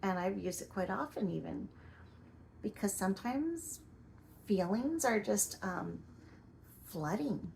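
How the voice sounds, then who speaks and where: A woman giving reflective personal narration in a soft, measured way, at times dropping to a whisper. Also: mid-range voice, expressive, creaky, a little hiss or hum. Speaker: vlogger.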